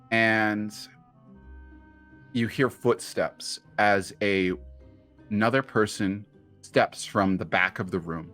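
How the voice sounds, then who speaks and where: A man narrating as game master of a tabletop game, relaxed and unhurried. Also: lowish voice, soft background music.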